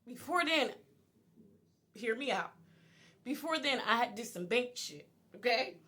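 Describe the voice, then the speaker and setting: Young woman vlogger, high bright voice, candid storytime delivery, laughs through it. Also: expressive, unhurried. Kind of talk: storytime vlog.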